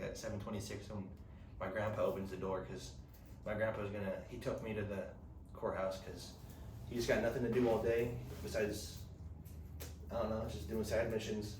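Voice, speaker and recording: A man's voice: fairly low pitch, fairly even intonation, fairly quick, darkish tone. A young man on a podcast, telling a long rambling story in casual slang and acting out quotes. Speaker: podcast host. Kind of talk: casual chat. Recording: echoey room, mic at a distance, faint noise.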